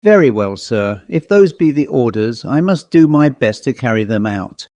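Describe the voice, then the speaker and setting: A man's voice: medium pitch, lively intonation, moderate pace, warm tone, no room sound, lightly acted. A man voicing a humble, fretful village parish clerk with a rustic way of speaking. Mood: shocked. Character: deferential, easily shocked male parish clerk.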